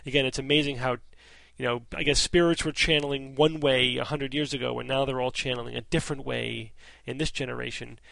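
A man's voice: medium pitch, fairly even intonation, a little fast, creaky, hardly any pauses, fairly bright tone, dry recording. A male podcast host in casual panel chat, wry and skeptical, laughing often.

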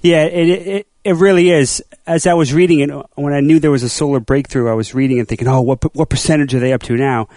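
A man's voice: a little high, steady tone, fast, few pauses, a little mellow, no echo. Enthusiastic rambling man, dry sound. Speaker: podcast co-host. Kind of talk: casual chat.

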